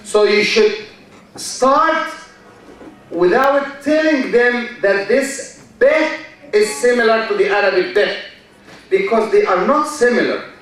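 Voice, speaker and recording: A man giving a university lecture in a large hall, speaking slowly, repeating key phrases and quizzing his students. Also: high-pitched, fairly bright tone. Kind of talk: classroom lecture. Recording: echoey hall from far off.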